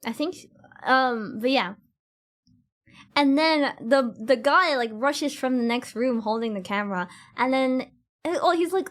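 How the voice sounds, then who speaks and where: Giggly and rambling, a young woman streams cosplay and talks directly to her viewers in casual chat, full of fillers. Her voice sits high and sounds a bit bright, and she speaks slowly.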